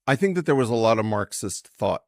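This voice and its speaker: A man's voice: on the low side, animated, brisk, darkish tone, no room sound, studio quality. A man speaking as a podcast guest in an assertive, professorial way, challenging his host with pointed questions. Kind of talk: conversational podcast discussion.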